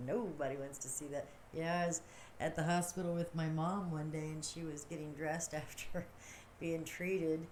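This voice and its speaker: A woman hosts her own casual livestream, rambling from one thought to the next and laughing often. Her voice sits a touch low. A faint steady hiss runs beneath the close recording. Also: unhurried. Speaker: livestream host. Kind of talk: casual chat to viewers.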